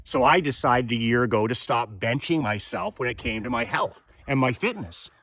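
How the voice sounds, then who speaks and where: A man's voice: medium pitch, lively intonation, normal speed, fairly bright tone, dry recording. A man in his fifties giving a fervent motivational monologue, firing rhetorical questions and repeating his points. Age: 50s. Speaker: motivational speaker.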